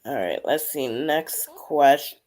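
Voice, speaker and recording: A woman co-hosting over a video call, reading out viewer questions in a quick, offhand, casual way. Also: very deep voice, expressive, a little mellow. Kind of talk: casual chat. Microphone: video call microphone.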